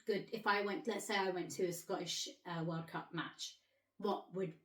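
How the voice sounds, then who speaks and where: An English actress hosting a casual chat speaks at a moderate pace in a lowish voice, giggling often and asking curious, animated questions. The room is echoey.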